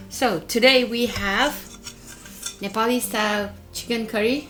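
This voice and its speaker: A woman's voice: mid-range voice, fairly bright tone. A woman from Northeast India, a food vlogger chatting casually while she cooks and eats, who often ends lines with "okay?". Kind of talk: casual cooking and mukbang chat.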